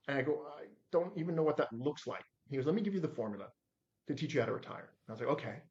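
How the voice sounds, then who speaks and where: A man in his forties telling stories as a podcast guest, acting out the quotes with lively shifts in voice. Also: mid-range voice, very fast, highs cut off. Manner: animated storyteller acting out his own quotes. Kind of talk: storytelling in a podcast interview.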